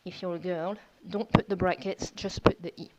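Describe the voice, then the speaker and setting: A woman's voice: fairly low pitch, fairly even intonation, heavy background noise. Patient woman teaching a language lesson. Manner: patient, repeats steps, explains slowly. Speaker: French teacher.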